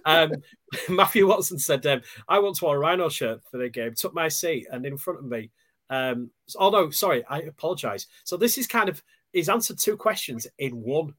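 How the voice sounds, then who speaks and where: A man's voice: on the high side, lively intonation, moderate pace, a bit bright. A man co-hosting a podcast, chatting casually and reading out listener messages, hesitant with lots of ums. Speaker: podcast co-host.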